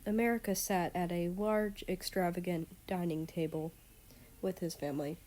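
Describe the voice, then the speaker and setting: A woman's voice: fairly low pitch, steady tone, normal speed, mellow. A woman reading fan fiction aloud as narrator. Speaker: story reader.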